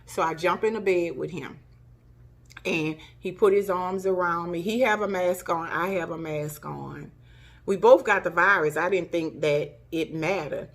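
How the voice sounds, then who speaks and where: A woman's voice: lowish voice, a little slow, a bit bright. A middle-aged woman tells a personal story to camera, emotional, acting out gasps and cries as she recalls them. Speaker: vlogger.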